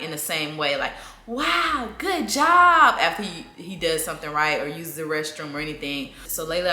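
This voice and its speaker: Sitting down for a casual chat, a young vlogger from the southern United States answers viewers' parenting questions. She's chatty and laughs a lot, breaking into lively, high-pitched baby talk when she acts out speaking to her toddler. A camera mic picks her up in an echoey room with faint background noise.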